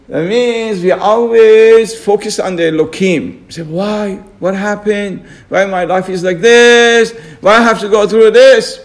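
A man's voice: high voice, measured pace. A man teaching a Torah lesson on the radio, emphatic, acting out people's complaining questions.

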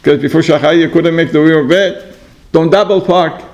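A man with a notably high voice gives a relaxed religious lesson to a small group. He speaks in loose, repeating phrases, leaning on "you know", and now and then sinks into quiet asides. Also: moderate pace, muffled recording. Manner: repetitive, many "you know" fillers, acts out exchanges. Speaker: religious teacher. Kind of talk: informal Torah class.

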